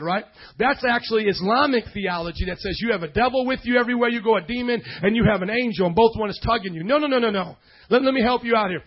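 A man preaching a lively sermon, acting out voices and shouting for emphasis. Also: high-pitched, slightly rough, muffled recording. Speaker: pastor.

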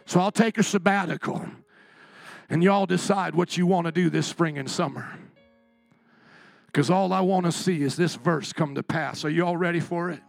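A man preaching a sermon as pastor, impassioned, swinging from quiet and tender to shouting. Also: sits high, gravelly, no room sound.

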